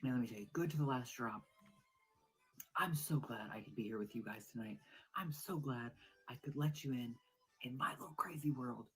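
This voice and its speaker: A woman performing a comedic monologue at home, over-the-top excited and swinging between hushed whispers and loud exclamations. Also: extremely low pitch, moderate pace, slightly rough, low-quality recording.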